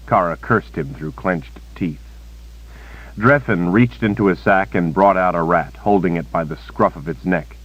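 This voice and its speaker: Man, very deep voice, measured audiobook narration, dull cassette sound, dry. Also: dry recording. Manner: steady, measured reading.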